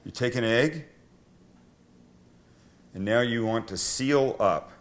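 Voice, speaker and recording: A man's voice: mid-range voice, slow, slight background noise. A middle-aged man hosting a cooking show, chatting casually and joking at himself while he cooks in a kitchen. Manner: chatty, self-deprecating, joking.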